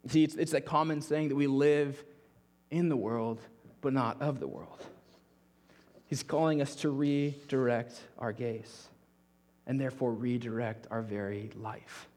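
A young adult man preaching a sermon as pastor, earnest, often dropping his voice softly at the ends of phrases. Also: medium pitch, steady tone, measured pace. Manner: earnest, drops to a soft near-whisper at phrase ends.

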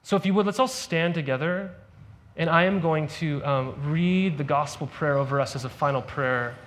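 A young adult man pastor delivering a sermon, retelling a parable in a conversational, animated storytelling way with casual asides to the congregation. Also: on the high side, moderate pace.

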